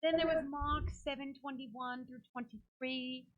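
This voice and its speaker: A woman's voice: high-pitched, steady tone, measured pace, muffled recording. A woman playing a tabletop game, recounting her character's findings in a rambling, self-amused way. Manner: rambling, laughing at herself, trailing off. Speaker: player.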